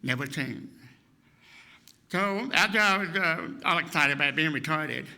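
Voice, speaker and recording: A man in his sixties telling funny stories from the pulpit, slightly high voice with a very forceful, sharp edge, acts out the people he quotes as he goes. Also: normal speed, smooth. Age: 60s. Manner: lively storyteller who acts out the people he quotes. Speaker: guest speaker. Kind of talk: humorous personal storytelling sermon.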